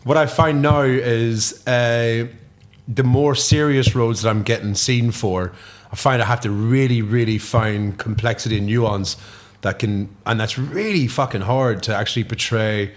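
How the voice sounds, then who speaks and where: An Irish man chatting as a podcast guest, animated and swearing freely, dropping into quick impressions. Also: mid-range voice. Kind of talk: casual chat.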